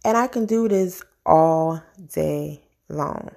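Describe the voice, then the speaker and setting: A woman's voice: sits low, slow, creaky, a little mellow. A stay-at-home mom hosting her own casual podcast, talking into her phone in a chatty, rambling, enthusiastic way, a little nervous. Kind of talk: casual solo podcast talk.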